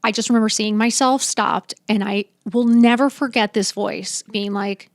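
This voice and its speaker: A woman's voice: medium pitch, fairly even intonation, moderate pace, dry recording, clean studio sound. A woman in her fifties, a podcast guest, telling her story candidly and bluntly, swearing freely and acting out what people said. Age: 50s. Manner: blunt, emphatic, swears freely, acts out dialogue.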